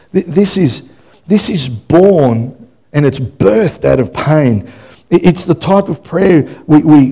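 A male pastor preaching a sermon in a church, swinging between loud, fervent bursts and hushed moments and often repeating words as he restarts a thought. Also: a little high, husky.

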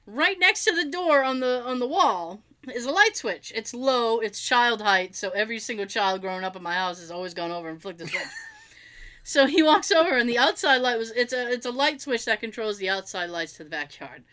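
A woman's voice: fairly high pitch, expressive, fairly quick, bright, forceful tone. A middle-aged woman telling a funny family story in casual chat, acting out the quotes and laughing often.

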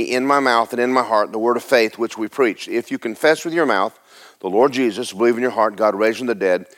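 Conversational male preacher, repeats himself. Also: medium pitch. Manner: conversational preaching with repetitions and rhetorical questions. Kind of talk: sermon.

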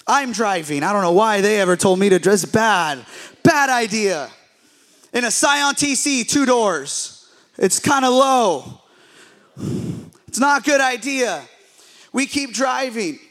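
A young man preaching as a pastor, telling a story in an animated, self-deprecating way and joking with his listeners. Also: high-pitched, a little slow, pauses often. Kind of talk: humorous storytelling sermon.

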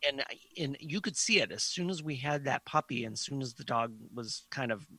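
A middle-aged man chatting casually on a podcast, speaking haltingly and repeating words. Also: medium pitch, lively intonation, pushed and bright, breathy edge, no room sound. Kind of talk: casual chat.

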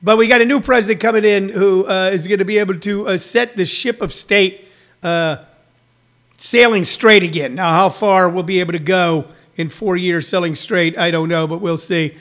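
Brief: stand-up comedian hosting a casual livestream, high-pitched for a man, rambling riffs. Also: fairly even intonation, normal speed, a bit bright. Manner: riffing, rambling, with frequent fillers and put-on voices.

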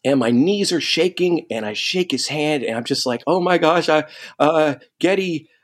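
A man telling a long story in casual chat, animated and quoting people as he goes. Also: fairly high pitch, moderate pace. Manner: animated, quotes people in lively asides.

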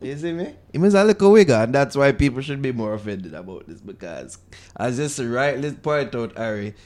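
A man with a Jamaican accent, co-hosting a casual podcast chat, blunt and quick to swear and laugh. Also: mid-range voice, lively intonation, a little mellow. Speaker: podcast co-host.

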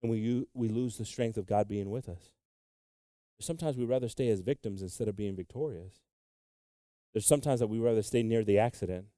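A man preaching a sermon with passion, moving between loud exclamations and quiet, low asides. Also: brisk, no room sound, studio quality.

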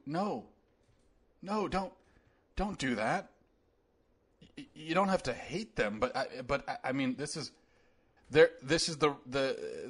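A man doing a flustered, pleading founding father. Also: mid-range voice. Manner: quiet, halting, stammering.

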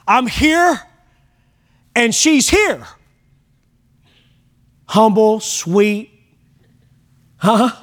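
High-voiced folksy preacher man. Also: sing-song, extremely slow, pauses often, a bit bright. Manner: folksy, emphatic preaching with dramatized prayers. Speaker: pastor. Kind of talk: sermon.

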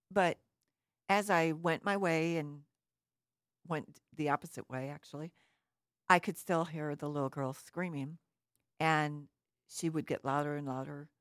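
A woman's voice: deep voice, no room sound, studio quality. A woman giving an earnest, reflective talk, telling a personal story and asking the listener questions.

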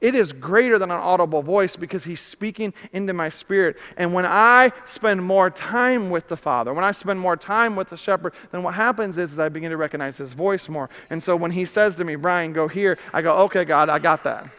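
A male pastor preaching a sermon, animated, swinging from loud emphasis to hushed questions. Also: high-pitched, brisk, few pauses. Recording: reverberant hall.

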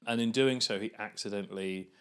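A man co-hosting a podcast, recommending films and series in a measured, articulate casual chat. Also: lowish voice, a bit bright, clean tone. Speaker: podcast co-host.

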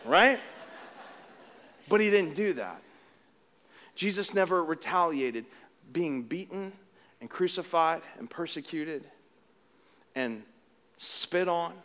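A middle-aged man delivers a sermon in a lively, conversational way, mixing jokes with repeated points. His voice sits high and sounds bright and forceful. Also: slow pace, pauses often. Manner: animated, conversational preaching with humor and repetition. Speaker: pastor.

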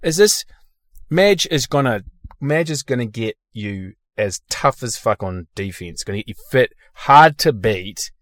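A man's voice: medium pitch, animated, unhurried, fairly bright tone, no echo. Blunt, sweary Australian man, dry sound. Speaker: podcast host. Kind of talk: casual podcast chat.

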